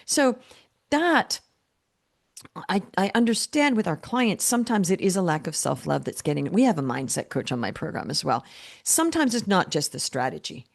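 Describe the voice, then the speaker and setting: Rambling older woman coach, lower voice. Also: sing-song, normal speed, vocal fry. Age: 50s or older. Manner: rambling storyteller, many restarts and quoted self-talk. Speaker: business coach guest. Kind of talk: interview conversation.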